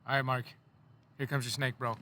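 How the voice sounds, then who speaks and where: A man's voice: medium pitch, little pitch movement, a little fast, bright, forceful tone, slight background noise. A man, a reptile breeder, casually talking to his snake in a chatty, playful, apologetic way. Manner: chatty, apologetic, playful baby talk to the animal.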